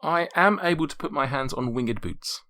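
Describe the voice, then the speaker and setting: A man voicing a mysterious shop owner who bargains in formal, measured speech. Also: on the high side, sharp tone. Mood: businesslike.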